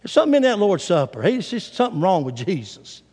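A preacher voicing brash, shouting fisherman Peter. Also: high voice, big pitch swings, quick pace, breathy edge, full character voice. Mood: disbelieving. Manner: shouting, heated protest. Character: hot-tempered, brash adult male fisherman disciple. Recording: long hall reverb.

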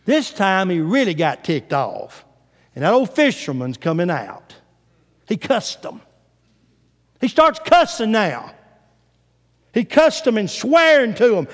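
A man's voice: high-pitched, sing-song, measured pace, pauses often. A male preacher giving a sermon, retelling scripture dramatically in a church sanctuary. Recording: long hall reverb.

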